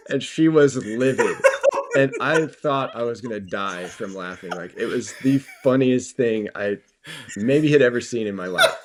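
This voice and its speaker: A young man, a guest on a podcast, calmly telling a school story and chuckling as he goes. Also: mid-range voice, a little hiss or hum. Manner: laid-back, chuckles as he tells a story. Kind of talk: casual chat, storytelling.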